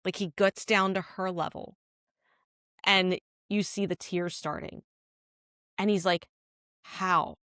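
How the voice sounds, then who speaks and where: A woman's voice: mid-range voice, little pitch movement, measured pace, long pauses, a bit bright, no room sound, studio quality. A woman co-hosting a podcast, casually retelling a drama scene with lots of "like" fillers. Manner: rambling retelling full of "like" fillers. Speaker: podcast co-host.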